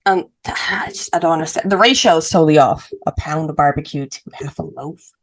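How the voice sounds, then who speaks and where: A woman from Puerto Rico co-hosting a casual true-crime podcast, chatty and animated, often breaking into laughter. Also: low-pitched. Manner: animated, laughing, quick asides. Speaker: podcast co-host. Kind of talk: casual chat.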